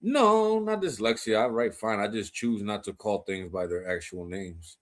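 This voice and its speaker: A man's voice: fairly low pitch, moderate pace. An American man telling kitchen stories in loose, slangy casual chat, laughing often. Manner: animated slang-heavy storytelling, laughs often.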